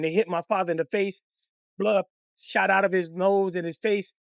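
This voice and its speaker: A man telling a comic personal story in a profane, animated, conversational way. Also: high voice, moderate pace, creaky, dry recording, clean studio sound.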